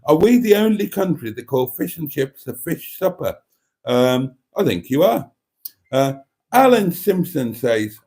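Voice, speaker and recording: A man's voice: medium pitch, mellow. A man hosting a casual livestream, reading viewer comments aloud with wry, camp asides and frequent laughter. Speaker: livestream host reading chat. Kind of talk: casual live chat.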